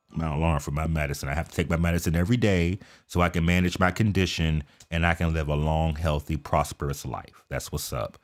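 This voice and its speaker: An American man giving casual, talkative commentary on a live stream. He keeps checking in with "okay?" and mutters quietly to himself while he sets things up. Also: a bass voice, brisk, hardly any pauses, faint music behind. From United States. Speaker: reaction video streamer.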